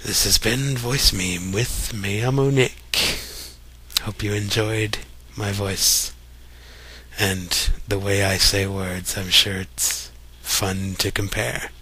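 A young man from Kentucky talks in a relaxed, chatty way with a light Kentucky accent. His voice sits a bit low but has a bright, forceful edge. He reads a list of words aloud one by one, like a casual home recording. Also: takes it slowly, slightly rough. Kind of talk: casual voice meme reading.

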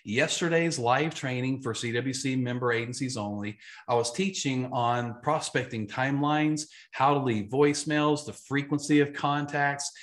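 A man, an insurance agency trainer, giving an emphatic, energetic live online training talk and repeating his key points. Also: mid-range voice, moderate pace, few pauses.

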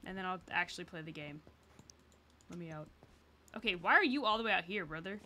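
A woman's voice: on the low side, lively intonation, a little fast, bright, forceful tone. A woman streaming a cooking game, talking to herself in casual, exasperated commentary and swearing when things go wrong.

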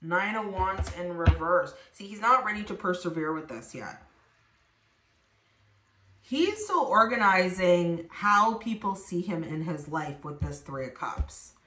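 A woman's voice: on the low side, animated, unhurried, fairly bright tone, a little hiss or hum. A woman giving a spoken tarot reading to her viewers, addressing them directly and acting out the voices she quotes. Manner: acts out quoted voices, talks straight to viewers. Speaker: tarot reader. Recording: echoey room.

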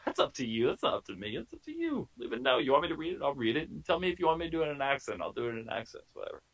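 A man's voice: fairly high pitch, lively intonation, racing, fairly bright tone, rough recording. A man moderating a party game over a video call, playful and theatrical, drawing out his announcements.

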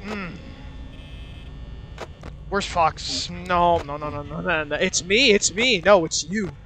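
A man's voice: high voice, slow, sharp tone, slight background noise. A young man nervously commentating a horror game, swearing, muttering and talking nonstop to cope with fear. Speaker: gaming channel host. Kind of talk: nervous let's-play commentary. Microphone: wearing a mask over the mouth.

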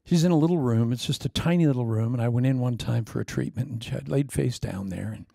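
A middle-aged man preaching a sermon, telling stories in an animated way. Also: medium pitch, fast talker, gravelly, no room sound, clean studio sound.

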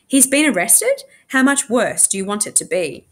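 A woman reading aloud, voicing a brisk, decisive lawyer in a crisp, bossy manner. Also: medium pitch, big pitch swings.

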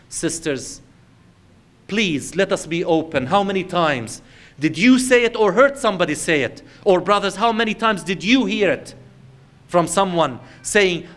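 A male Islamic lecturer addressing his audience in a fairly high voice. He tells everyday stories and poses rhetorical questions, moving between loud emphasis and slow, quiet earnestness.

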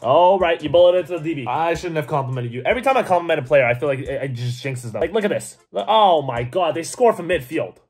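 Hyped fast-talking gaming commentator man. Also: on the high side, animated, breathy edge, faint music behind. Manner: hyped, rambling, talks to himself and viewers. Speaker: gaming YouTuber. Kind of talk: excited gameplay commentary.

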